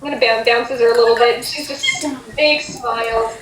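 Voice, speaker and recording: A woman's voice: fairly high pitch, fairly even intonation, normal speed, fairly bright tone. A woman game master narrating a tabletop game, rambling and correcting herself as she goes, in an echoey room. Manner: rambling, hesitant, self-correcting.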